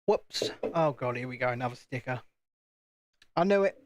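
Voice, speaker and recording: A man's voice: mid-range voice, animated, normal speed, long pauses, very noisy. A British man hosting a casual live stream from home, chatting and joking at his own expense while building. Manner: chatty, joking, self-deprecating. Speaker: channel host.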